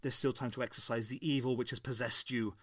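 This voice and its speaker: Man reading as a desperate earnest hero, pleading and urgent, voice pushed up higher, storybook reading, dry sound. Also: fairly even intonation, quick pace, bright, forceful tone, no room sound. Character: desperate older time-traveling man, earnest.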